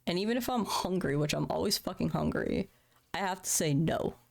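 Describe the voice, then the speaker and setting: A woman's voice: fairly low pitch, animated, a little fast, gravelly. A woman in her thirties, a streamer, talking candidly and emotionally on a livestream from home, swearing casually. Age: 30s. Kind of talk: candid personal talk on a livestream. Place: home room.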